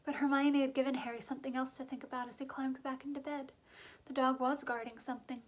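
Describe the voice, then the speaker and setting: A woman narrating a children's fantasy novel aloud in a brisk, lively storytelling manner. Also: high-pitched, poor audio. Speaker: reader. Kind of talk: audiobook narration.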